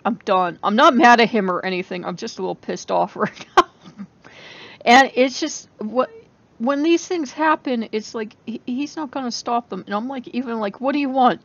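A woman's voice: medium pitch, vocal fry, muffled recording. A woman vlogging in casual chat to camera, rambling and laughing often, sounding exasperated.

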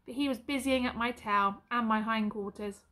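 A woman teacher reads a children's novel aloud in an expressive, varied way. Her voice sits a touch high for a woman. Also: moderate pace. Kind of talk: storybook read-aloud.

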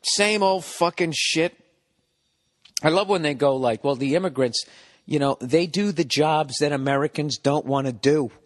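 A man's voice: on the high side, normal speed, big-room sound. A man in his forties with a Boston accent hosts a podcast from his home, ranting sarcastically and swearing in a rambling comic monologue. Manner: profane, sarcastic, animated rants. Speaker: podcast host. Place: home, recording indoors.

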